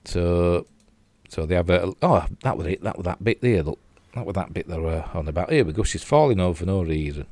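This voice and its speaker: Deep-voiced older Yorkshire man, chatty. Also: expressive, a little fast, darkish tone, no room sound. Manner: chatty and self-mocking, with frequent fillers and asides. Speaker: TV show reviewer. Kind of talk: casual rambling review while replaying clips.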